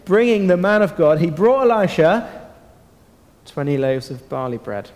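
A man with a slightly high voice gives a lively Bible talk to children, putting questions to them and holding dramatic pauses. He is recorded in a church hall, and a long reverb trails after his words.

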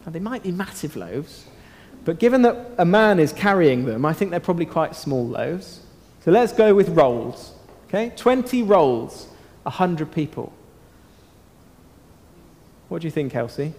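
Animated man leading a children's Bible talk. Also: on the high side. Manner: animated, asks children questions, dramatic pauses. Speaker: children's talk leader at church. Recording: long hall reverb.

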